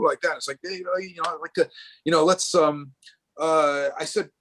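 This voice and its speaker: A man's voice: on the high side, fast, fairly bright tone. Rambling, restart-prone middle-aged man. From Rhode Island. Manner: rambling with many restarts and fillers. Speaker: guest artist. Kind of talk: casual talk in a live artist event. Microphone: video call.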